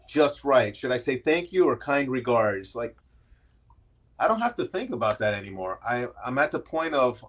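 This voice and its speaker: Middle-aged male guest, candid, casual, talks in restarts, average pitch. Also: fairly bright tone. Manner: candid, storytelling with frequent restarts. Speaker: podcast guest. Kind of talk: casual interview conversation.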